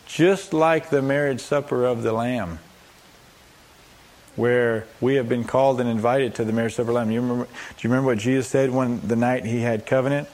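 A man preaching from the pulpit, posing questions to his listeners and then answering them himself. He slips into quoted voices and drops humorous asides as he explains. His voice sits at an ordinary male pitch. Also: steady tone, a little fast, darkish tone. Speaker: pastor. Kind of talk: sermon.

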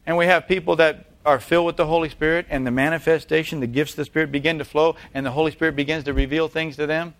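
A man's voice: fairly high pitch, steady tone, fast talker, few pauses, a bit bright. A man preaching a sermon, emphatic and repeating key phrases, putting rhetorical questions to his congregation. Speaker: pastor.

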